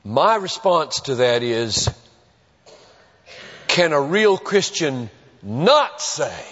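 A male pastor preaches with a high, animated voice that swoops up and down. He is earnest and emphatic, leaning on long pauses. The sound is a dull, muffled recording with long reverb from a church sanctuary. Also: husky. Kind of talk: sermon.

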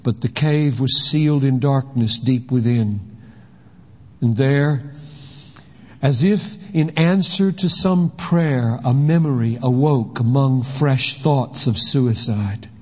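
A man narrating a story in rhyming verse, slow, deliberate and solemn. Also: mid-range voice, a little mellow. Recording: long hall reverb.

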